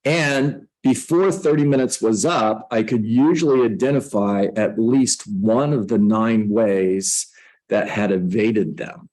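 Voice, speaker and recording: A man's voice: lowish voice, slow, darkish tone, low-quality recording. A middle-aged man coaching real estate agents, teaching a class on a book in a conversational way, with self-mocking jokes.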